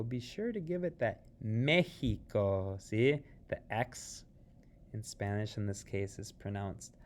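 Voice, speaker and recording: Slow, patient male Spanish teacher. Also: lowish voice, a little hiss or hum. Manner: slow and patient, models words aloud for learners; casual and jokey, checks in with "see?". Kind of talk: recorded class review lesson.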